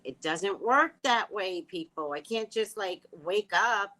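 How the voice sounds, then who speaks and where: A woman in her sixties chatting casually with her audience, snarky and animated, telling stories full of quoted dialogue, with a slight lisp from a missing tooth. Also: medium pitch, takes it slowly, poor audio. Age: 60s. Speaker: livestream host reading viewer comments. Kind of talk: casual chat.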